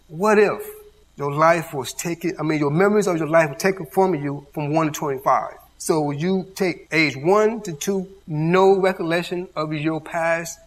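A man's voice: on the high side, fairly bright tone. A man giving an interactive church Bible teaching, quizzing his audience with call-and-response questions. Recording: long hall reverb.

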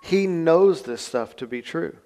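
A male pastor preaches a sermon in a plain-spoken, conversational way, dropping in folksy asides. His voice is fairly high and mellow, with lively intonation and a measured pace. The recording carries the long reverb of a church sanctuary.

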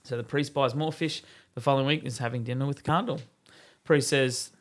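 A man's voice: fairly high pitch, brisk, hardly any pauses, a bit bright. A man co-hosting a dads' podcast, chatting casually, rambling a little and laughing often. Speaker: podcast co-host. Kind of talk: casual chat, telling a joke.

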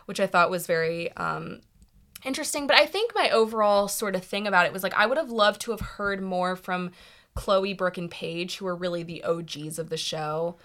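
A young woman with a bright, forward voice talks casually on a podcast. She recaps a show in an animated, chatty way and fills her sentences with "like" and "you know". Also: on the low side, normal speed. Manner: chatty, lots of fillers, animated retelling. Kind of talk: casual chat about reality TV.

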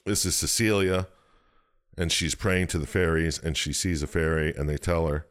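A man's voice: sits low, fairly even intonation, a little slow. A man casually recapping a game's story, rambling and swearing, slipping into quoted voices. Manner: rambling, profane, jumps into silly quoted voices. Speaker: podcast co-host recapping a game story. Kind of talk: casual chat.

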